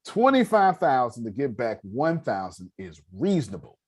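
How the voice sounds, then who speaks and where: A man with a medium-pitched, slightly rough voice speaks at normal speed while hosting an online personal finance meeting. His casual teaching talk is animated and joking, with lots of restarts, and he calls on listeners.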